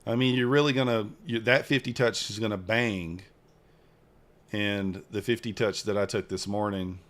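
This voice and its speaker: A man's voice: fairly low pitch, fairly even intonation, moderate pace, a bit bright. A man chatting casually and joking with viewers while streaming his trading. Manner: rambling, joking with chat viewers. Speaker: futures trading live streamer. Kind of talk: casual live-stream chat.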